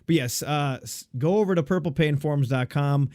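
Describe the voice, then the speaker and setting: A man's voice: a little high, brisk, darkish tone, dry recording, studio quality. A man co-hosting a casual podcast, joking and teasing his partner. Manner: joking, teasing, laughs often. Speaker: podcast co-host.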